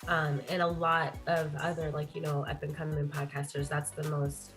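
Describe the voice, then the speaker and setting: A woman's voice: deep voice, completely flat delivery, moderate pace, music in the background. A woman with a Pacific Northwest accent hosting a podcast, chatting casually with lots of fillers. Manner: chatty, many fillers, laughs easily. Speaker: podcast host. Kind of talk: casual chat.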